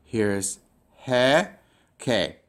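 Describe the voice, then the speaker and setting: A man with a fairly low voice gives a recorded lesson. He explains patiently and goes step by step, often pausing on fillers and restarting his sentences. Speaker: Greek language teacher. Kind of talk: recorded classroom lecture.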